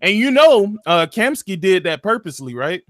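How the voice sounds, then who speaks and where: A man's voice: sits high, very animated, moderate pace, no echo, studio quality. A man, animatedly retelling a video game story in casual chat, full of slang and profanity. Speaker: gaming podcast co-host.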